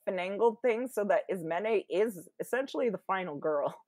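Give me a young woman casually retelling a Greek tragedy, animated and full of fillers, on a dry recording. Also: medium pitch, moderate pace, no room sound. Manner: chatty, animated retelling with many fillers and acted-out quotes.

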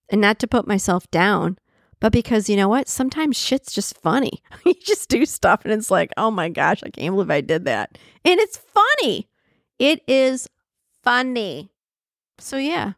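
Gravelly-voiced woman podcast host, chatty. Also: no room sound, clean studio sound. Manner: chatty and candid, laughs often, swoops up in pitch for emphasis. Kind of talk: reflective solo podcast monologue.

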